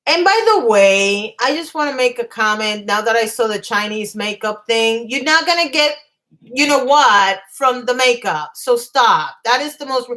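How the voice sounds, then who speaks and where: A woman's voice: fairly high pitch, expressive, moderate pace, bright, forceful tone. A woman hosting a casual livestream, talking in a chatty, emphatic way and reacting to her live chat. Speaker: livestream host.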